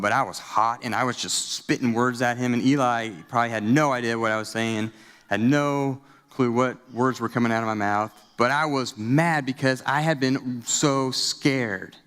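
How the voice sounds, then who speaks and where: A man in his thirties, a student pastor, preaching a storytelling sermon in a conversational, animated way. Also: mid-range voice, smooth, long reverb tail. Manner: conversational and animated, with casual fillers. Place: church sanctuary.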